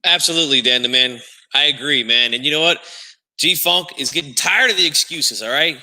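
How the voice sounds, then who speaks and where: A man hosting a boxing podcast who hypes himself up loudly and theatrically. His voice sits high and sounds piercingly bright. A long reverb rings after his words. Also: a little fast. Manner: loud, theatrical, refers to himself in third person. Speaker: podcast host. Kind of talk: hyped-up boxing talk.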